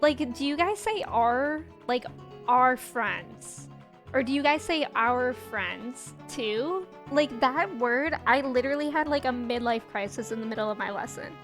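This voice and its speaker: With game music behind her, a young woman with a Midwestern American accent giggles and chats casually with viewers as she streams a game. Her voice is high, her pace moderate, and she rambles on with hardly any pauses.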